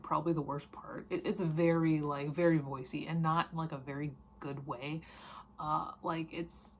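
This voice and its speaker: A woman's voice: low voice, a little hiss or hum. A young woman with a Midwestern accent, chatting casually and rambling through a weekly book wrap-up with lots of fillers. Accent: Midwestern American. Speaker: book reviewer.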